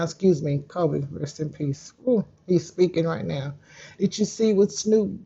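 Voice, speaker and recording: A woman's voice: lowish voice, warm tone, slightly rough. A woman ranting straight at her target in a vlog, indignant and direct, recorded with dull lo-fi sound. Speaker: YouTuber.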